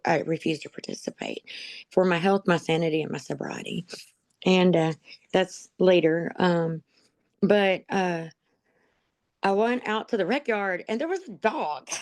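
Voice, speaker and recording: A dog program graduate, interviewed about her own life, recounts it in a rambling, emotional way, laughing at herself and saying "um" often. Her voice is low with a darkish tone, and the recording is dry.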